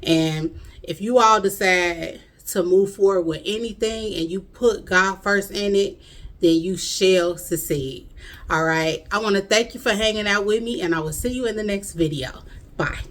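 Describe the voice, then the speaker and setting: A woman's voice: mid-range voice, a little slow, fairly bright tone. A woman in her thirties with a Chicago accent, chatting earnestly to her viewers in a casual vlog. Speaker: vlogger.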